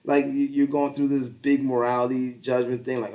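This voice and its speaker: A man's voice: mid-range voice, level tone, moderate pace, hardly any pauses, mellow, recorded from a distance. Male podcast co-host, 30s, loose and profane, mimics others mid-story, recorded a bit off-mic. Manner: profane, rambling, laughs often, acts out little dialogues. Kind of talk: casual chat.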